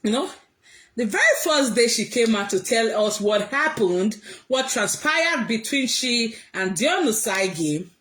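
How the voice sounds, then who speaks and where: Woman vlogger, high voice, blunt and emphatic, talking straight to viewers. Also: measured pace. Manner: emphatic, animated, often raising her voice. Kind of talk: casual commentary to viewers.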